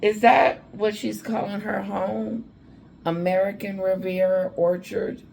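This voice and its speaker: This woman, drowsy and slightly drunk, rambles through news clips in a nighttime vlog. She speaks unhurriedly in a medium-pitched, creaky, darkish voice with flat delivery, and there's a faint hiss or hum in the recording.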